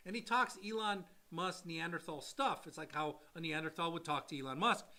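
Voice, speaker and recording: A man co-hosting a casual podcast, talking in an animated way, acting out quotes in voices and laughing often. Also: a little high, brisk. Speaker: podcast co-host. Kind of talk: casual chat.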